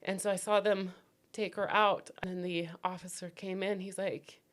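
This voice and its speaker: A woman giving emotional personal testimony as a podcast guest, grief-stricken and near tears, speaking in halting, broken phrases that sometimes drop to a whisper. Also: medium pitch, flat delivery, fairly bright tone. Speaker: podcast guest, bereaved mother.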